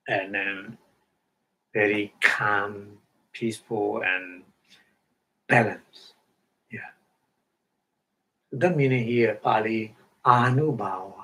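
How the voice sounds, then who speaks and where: A man whose first language is Burmese gives a dharma talk at an unhurried, deliberate pace. His English is halting and full of fillers and repeated words, and he chants Pali passages now and then. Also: fairly low pitch, fairly bright tone. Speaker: meditation teacher.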